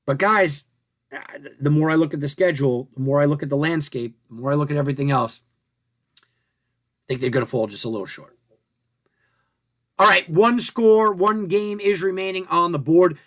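Speaking at a normal speed with long pauses, a sports radio host with a slightly high, somewhat bright voice analyzes rankings and numbers. His talk is loose and conversational, full of thinking aloud and rhetorical questions.

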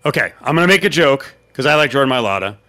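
A man hosts a sports talk show with a bright, forceful tone. He moves briskly from topic to topic and slips jokes in as he goes. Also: medium pitch, lively intonation. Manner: brisk, jokey, steers the segments. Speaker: host.

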